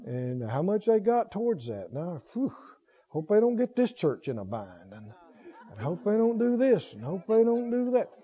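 Man doing a gloomy fretful grumbler, low muttering voice, sighing, doubtful, dull lo-fi sound. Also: very animated, moderate pace, mellow, slightly rough, full character voice. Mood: gloomy fretting. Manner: mumbling, sighing, doubtful complaints. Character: gloomy grumbling man fretting over everything.

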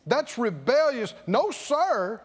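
A man's voice: extremely high pitch, big pitch swings, takes it slowly, slightly rough. A man preaching a sermon, firing questions at the congregation and driving points home with emphatic repetition. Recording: long echo of a large hall.

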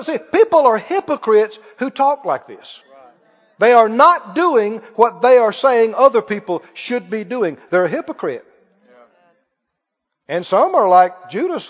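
High-voiced man preaching in an echoing hall. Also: very animated, measured pace. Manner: folksy, joking, mimics critics with mock wails. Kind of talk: sermon. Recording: reverberant hall, dull lo-fi sound.

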